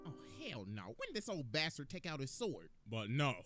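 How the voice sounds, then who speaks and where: Animated, profane man with lively pitch. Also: moderate pace. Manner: animated, profane, laughs often. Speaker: anime commentator. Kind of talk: casual video commentary. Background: background music.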